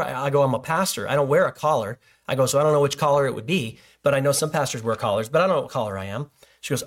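A man's voice: medium pitch, rapid-fire. A man, a pastor, preaching a sermon in a loose conversational way, with joking asides and stories.

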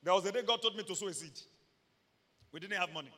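High, sharp-voiced Nigerian pastor preaching. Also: male voice, quick pace, long reverb tail. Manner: animated preaching with shouted peaks and humorous asides. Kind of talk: sermon.

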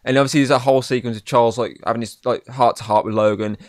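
On a dry, studio-quality recording, a young podcast co-host reviews a film casually, rambling, cursing freely and tossing "obviously" into almost every sentence. He speaks quickly in a steady, mid-range voice.

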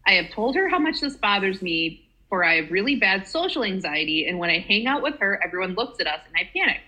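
A woman co-hosting a casual podcast chat, talkative and quick to giggle as she reads a story aloud. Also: medium pitch, sing-song, pushed and bright, highs cut off. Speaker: podcast co-host.

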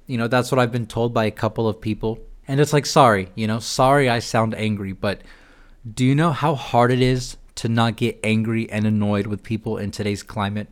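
A man's voice: on the low side, fairly even intonation, brisk. A young American man hosting a podcast, delivering a ranting, profane, exasperated comedic monologue. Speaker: podcast host.

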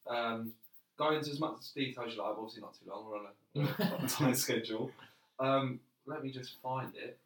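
A man's voice: medium pitch, a little fast. A man co-hosting a podcast, easygoing and joking. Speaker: podcast co-host. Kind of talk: casual chat. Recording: roomy sound, distant mic.

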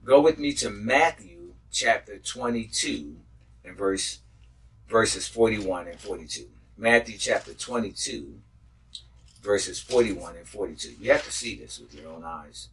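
A man's voice: fairly low pitch, unhurried, a bit bright, recorded from a distance, a little hiss or hum, low-quality recording. A man preaching as a pastor, teaching a Bible healing lesson, reading verses aloud, repeating key phrases and dropping in praise God. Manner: interjects praise God and glory to God.

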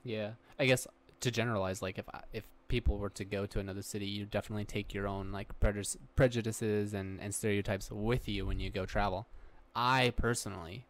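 A man's voice: lowish voice, fairly even intonation, fairly quick, hardly any pauses. Laid-back man recapping a movie. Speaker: podcast co-host. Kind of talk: casual movie discussion.

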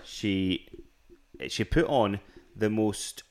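A Scottish man with a somewhat low voice chats casually on his podcast. He rambles through stories, often restarting his sentences. His delivery is loose and conversational. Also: drawn-out words, a little mellow. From Scotland. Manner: rambling storytelling with frequent restarts and laughs. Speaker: podcast co-host. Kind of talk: casual chat.

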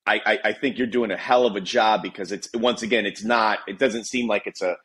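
A man's voice: on the low side, fairly even intonation, brisk, fairly bright tone. A man hosting a casual podcast, asking long rambling questions and encouraging his guest. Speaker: podcast host.

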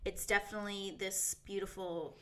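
A woman's voice: mid-range voice, little pitch movement, normal speed. A woman from New Jersey with a Jersey accent, co-hosting a podcast in a teasing, wry, slightly shy casual chat. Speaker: podcast co-host.

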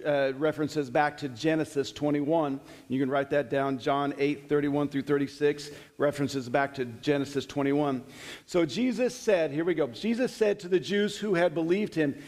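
A middle-aged man teaching a Bible study in a conversational sermon style, slowing down to read verses with emphasis. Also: a little high, a little mellow. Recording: long hall reverb.

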